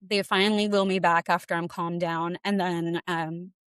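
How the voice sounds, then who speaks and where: A woman co-hosting a podcast, telling a painful personal story in a tearful, fast, rambling way with lots of "like". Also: fairly low pitch, flat delivery, a bit bright, clean tone, no echo. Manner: tearful, fast, says like a lot. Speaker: podcast co-host sharing her story.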